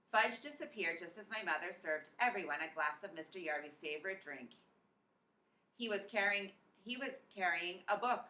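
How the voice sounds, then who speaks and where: A woman teacher reading a children's chapter book aloud in an expressive storytelling manner. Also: medium pitch, far from the mic. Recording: echoey room, off-mic.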